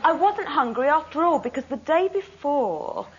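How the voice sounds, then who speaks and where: A woman playing a girlfriend who slowly recounts a strange dream. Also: high voice, animated, a little hiss or hum. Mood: dreamy. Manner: slow, drawn-out storytelling. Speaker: sketch performer. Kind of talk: comic scene before a live audience. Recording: dull recording with a loud crowd.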